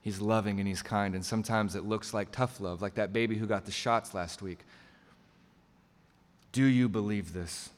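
A pastor preaches a sermon in a fairly low, steady voice, speaking fairly quickly with few pauses. He is earnest and emphatic, often repeating himself, restarting, and adding asides as he builds a point. The long reverb of a large hall surrounds him.

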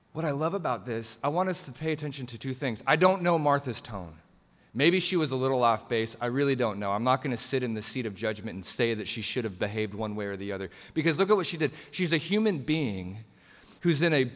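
A man's voice: medium pitch, a bit bright. A man preaching a sermon in a conversational way, slipping into quoted voices as he retells the passage. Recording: long hall reverb.

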